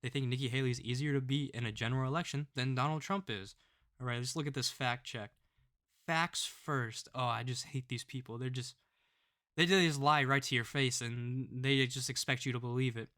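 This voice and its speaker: A man's voice: medium pitch, steady tone, moderate pace, fairly bright tone. A man giving scornful, ranting political commentary on his own channel, tagging his points with "all right?" again and again.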